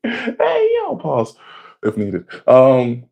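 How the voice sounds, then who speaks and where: A man casually recapping anime episodes in a slangy, excitable way, swearing freely and jumping up in pitch when he gets worked up. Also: very slow, creaky, slightly rough, narrow, tinny audio. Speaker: anime reaction vlogger.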